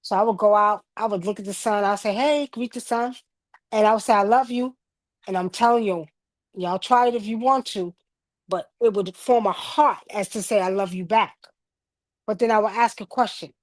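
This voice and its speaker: A woman with a Southern US accent hosting a livestream, telling stories in an animated way. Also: medium pitch, brisk, no echo. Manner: animated storytelling, addresses the audience. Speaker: livestream host. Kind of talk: casual spiritual livestream chat.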